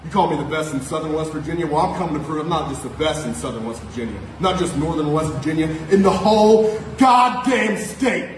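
A man's voice: fairly high pitch, quick pace, hardly any pauses. Taunting man cutting a wrestling promo. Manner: taunting, building to shouts, profane. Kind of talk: trash-talking wrestling promo. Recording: echoey room, faint noise.

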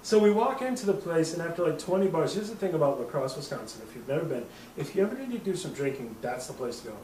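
A man's voice: on the high side, big pitch swings, quick pace, mellow, roomy sound, recorded from a distance, a little hiss or hum, rough recording. A man in his thirties hosting a podcast, telling a rambling, profane drinking story and laughing at himself. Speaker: podcast host. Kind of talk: casual storytelling.

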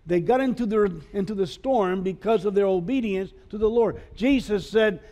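A man's voice: high voice, normal speed, few pauses, darkish tone. A man preaching a sermon as pastor in a school chapel, speaking earnestly with frequent filler sounds.

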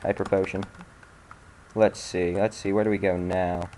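Young male let's-play host, slightly low voice, sarcastic, swears a lot, frustrated outbursts, keyboard clicks behind. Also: flat delivery, moderate pace, a little mellow, a little hiss or hum. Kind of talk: casual gameplay commentary.

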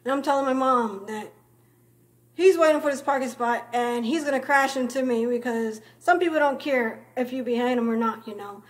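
A woman's voice: a little high, moderate pace. A young woman vlogger telling a story in a rambling, casual way, tossing in "you know" constantly and calling people names.

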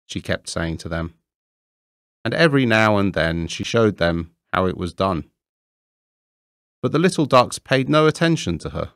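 A man reading a classic fairy tale aloud, slow, deliberate and expressive. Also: low-pitched, dry recording, clean studio sound. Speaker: reader. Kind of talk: storybook narration.

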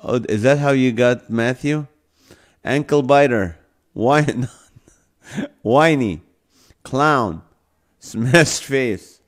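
A man hosting a live stream, reading out viewer comments in a playful, easygoing way and laughing often. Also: mid-range voice. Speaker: livestream host. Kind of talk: casual live-stream chat. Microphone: phone or camera mic.

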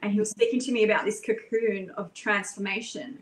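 A woman's voice: mid-range voice, fairly even intonation, brisk, reverberant, rough recording. A woman talking as a guest in a casual chat, earnest and flowing, with fillers and repeated words.

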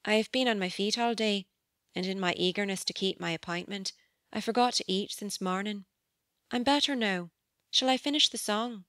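Casting: a woman as a soft-spoken, scheming young governess, audiobook, smooth and dry sound. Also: medium pitch, dry recording, close to an everyday voice. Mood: demure. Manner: soft, demure and measured. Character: young governess, meek on the surface, cunning. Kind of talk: audiobook character voice.

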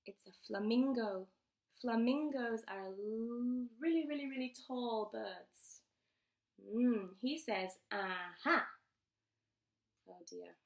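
Woman reading a kids picture book super slow, voice jumping all over, kinda echoey room. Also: fairly high pitch. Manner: slow, animated, asks the listener questions. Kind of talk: expressive read-aloud for young learners.

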